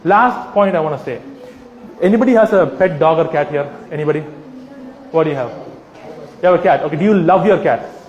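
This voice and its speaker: A man's voice: on the high side, a little fast, long pauses, darkish tone, reverberant, in a large hall, dull audio. A man addressing a live audience, arguing with rhetorical questions and acted-out scenarios, sometimes mocking voices. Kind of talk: animated persuasive talk with acted-out scenarios.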